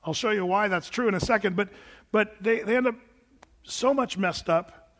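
Brief: man, high-pitched, chatty storytelling sermon, long hall reverb. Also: moderate pace. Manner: animated, conversational storytelling with fillers and repeats. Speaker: preacher.

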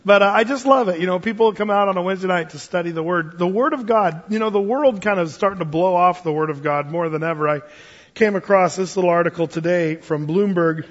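A male pastor with a high voice preaches a Wednesday-night-style sermon, animated and enthusiastic, slipping in fillers and chuckles. The sound is dull and muffled, with a long reverb trailing off the church walls. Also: a little fast.

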